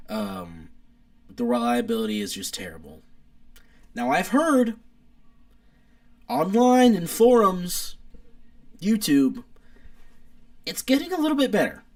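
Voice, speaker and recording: A young man chatting casually on a live stream with an animated, rambling delivery. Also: gravelly. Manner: animated, rambling car enthusiast, wide pitch swings.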